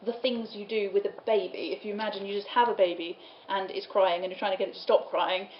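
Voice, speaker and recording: A woman gives a relaxed lecture on medieval poems, reading lines aloud and laughing now and then. Her talk echoes around the room. The recording is a little dull, with faint room noise behind her. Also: mid-range voice, fast. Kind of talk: study-day lecture.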